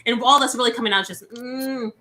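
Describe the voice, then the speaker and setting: A woman's voice: a little high, rapid-fire, sharp tone. A woman co-hosting a podcast, chatting casually and acting out quotes as she tells stories. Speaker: podcast co-host. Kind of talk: casual chat.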